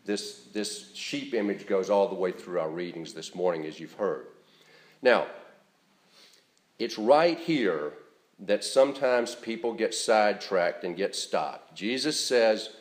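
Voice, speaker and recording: A man preaching a sermon as pastor in a church, earnest and deliberate, stressing key words as he speaks. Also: on the low side, expressive, roomy sound.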